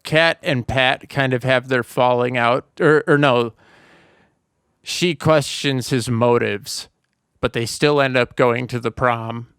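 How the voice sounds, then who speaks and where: A man's voice: medium pitch, fairly even intonation, slow, fairly bright tone, clean tone, no echo, clean studio sound. A man co-hosting a podcast, chatting casually about a movie and rambling with lots of "like" and restarts. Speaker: podcast co-host.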